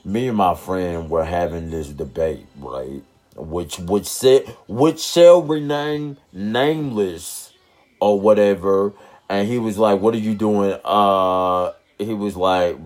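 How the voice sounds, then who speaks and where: A man's voice: sits low, expressive, takes it slowly, a little mellow. A man hosting his own podcast, talking casually and loosely with slang and lots of fillers. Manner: laid-back, rambling, with slang and fillers. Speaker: podcast host. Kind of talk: casual solo podcast talk.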